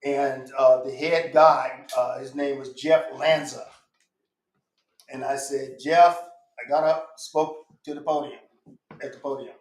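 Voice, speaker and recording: A man's voice: medium pitch, fairly even intonation, unhurried. A man guest on a podcast, speaking in an emphatic, insistent way and repeating his points. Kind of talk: casual podcast conversation. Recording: echoey room.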